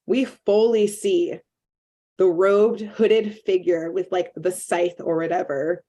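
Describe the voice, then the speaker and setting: Chatty woman recapping a cartoon. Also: fairly low pitch. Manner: animated storyteller, quotes characters in quick asides. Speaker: podcast co-host recapping an episode. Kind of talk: casual podcast chat.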